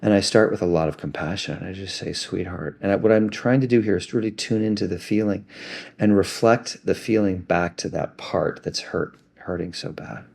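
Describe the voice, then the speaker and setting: A man gently and reflectively talking through an emotional self-help practice. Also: fairly low pitch, normal speed, gravelly.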